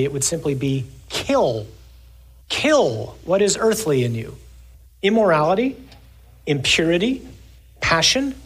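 A man giving a sermon, reading scripture slowly and then talking in a casual, joking way. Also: fairly high pitch, vocal fry, slightly rough. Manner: reads scripture slowly, then jokes conversationally.

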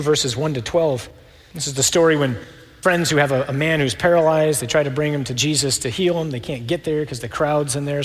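In a large hall, a man with a fairly high voice preaches a lively, conversational sermon. He acts out the voices of the people in the scripture stories.

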